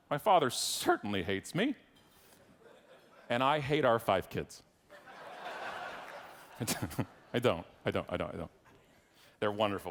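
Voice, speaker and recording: A middle-aged man with a Canadian accent giving a humorous keynote speech, wry and teasing the audience. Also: mid-range voice. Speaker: keynote speaker. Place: large conference hall stage. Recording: long reverb of a large hall.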